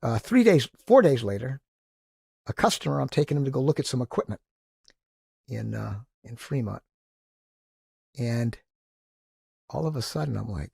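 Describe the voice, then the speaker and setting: Gravelly, husky older man telling stories. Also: medium pitch, moderate pace, pauses often, no room sound, clean studio sound. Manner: animated, enthusiastic storyteller, acting out quotes. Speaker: guest. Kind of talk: casual storytelling interview.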